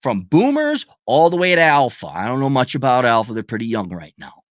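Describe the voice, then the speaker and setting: A middle-aged man ranting in a profane, mocking monologue, often mimicking people in a high falsetto. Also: sing-song, brisk, dry recording, studio quality. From United States. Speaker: channel host.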